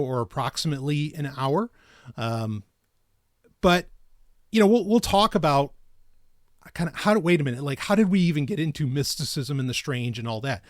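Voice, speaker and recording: A man's voice: on the high side, no echo, studio quality. A man co-hosting a podcast in casual chat, rambling and restarting his sentences, often breaking into laughter. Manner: rambling, self-interrupting, quick to laugh. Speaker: podcast co-host. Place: studio.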